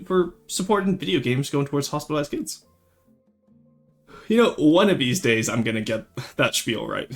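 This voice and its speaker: Lively, rambling man streaming. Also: mid-range voice. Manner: animated, rambling, quick to laugh. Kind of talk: casual live-stream chat.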